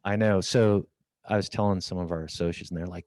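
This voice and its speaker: A man's voice: deep voice, fairly quick, no room sound. A middle-aged man, a podcast guest, telling a story and acting out the dialogue from it. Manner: lively storyteller, acts out quoted dialogue. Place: office at company headquarters.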